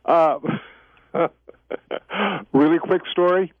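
A man's voice: on the high side, steady tone, drawn-out words, no room sound. A man who is the guest on a radio talk show, telling stories in a chatty way and laughing easily. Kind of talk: casual radio interview. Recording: tinny phone line, dry.

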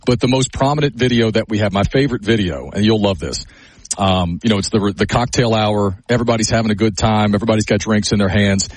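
A man co-hosting a casual chat, telling stories in an animated way. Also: on the low side, fast talker, no room sound. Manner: animated storyteller.

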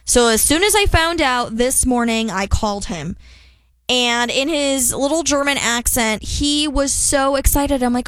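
A woman hosting a radio show, telling a story in a chatty, animated way. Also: high-pitched, unhurried, no echo. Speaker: radio host. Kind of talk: casual on-air chat.

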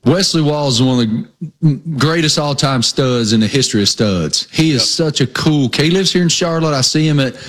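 A man's voice: on the high side, animated, moderate pace, a bit bright. A middle-aged man with a Southern accent, co-hosting a sports talk show in an enthusiastic, folksy, joking way. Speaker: co-host.

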